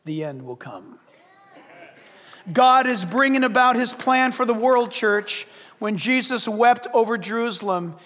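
In a church sanctuary, a high-voiced pastor preaches with theatrical flair, his volume rising to loud peaks and dropping to a hush. His sermon rings out with the lengthy reverb of a big hall.

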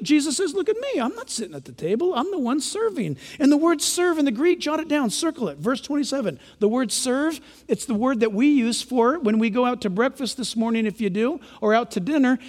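A male pastor preaching a lively sermon, joking and acting out quotes for his congregation. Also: very high voice, moderate pace, few pauses, in a large hall. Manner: animated, joking, acts out quotes. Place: large church.

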